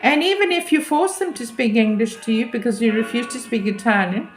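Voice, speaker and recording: A woman's voice: a little high, fairly quick, faint music behind. Chatty woman in her fifties, echoey room. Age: 50s. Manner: chatty, emphatic, self-deprecating. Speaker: relocation consultant. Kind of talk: casual advice to camera.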